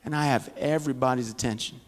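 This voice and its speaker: A man's voice: medium pitch, fairly even intonation, quick pace. A man teaching a Bible study, giving a conversational, folksy sermon full of humorous stories. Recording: long church-hall reverb.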